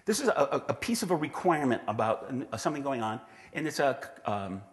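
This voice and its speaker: A man's voice: medium pitch, sing-song, fairly quick. A man giving a conference talk who acts out quoted voices and often restarts his sentences, on a clip-on mic. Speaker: conference speaker. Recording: long reverb in a hall.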